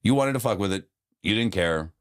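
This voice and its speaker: Lively low-voiced man in his thirties, co-host, swears while spinning an animated story, dry close mic. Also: a little fast, clear, resonant tone, dry recording. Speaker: podcast co-host. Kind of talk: casual chat.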